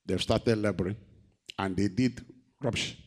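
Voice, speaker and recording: A man preaching a sermon, reading scripture and asking the congregation questions, moving between loud, raised emphasis and quiet, low delivery. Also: moderate pace. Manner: asks the congregation rhetorical questions.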